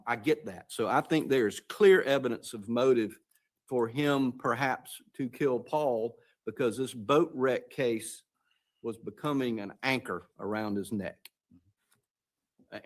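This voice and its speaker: Hesitant man questioning from the bench. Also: medium pitch. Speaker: appellate judge. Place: courtroom.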